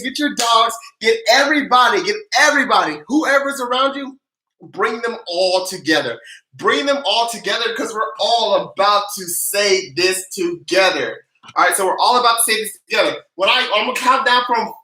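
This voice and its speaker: A lively livestream host who runs a tax news recap with playful hype, slang and countdowns, calling out viewers by name. The voice is bright and cutting. It sounds roomy and echoey. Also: medium pitch. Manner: energetic and playful, with casual slang, chanting and countdowns.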